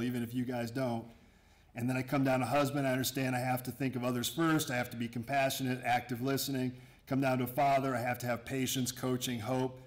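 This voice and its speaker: A middle-aged man, an Army garrison commander, giving an informal, joking talk to his workforce in a room, full of asides and restarts. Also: mid-range voice. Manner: joking and sarcastic; conversational, with frequent asides and restarts. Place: room with an audience.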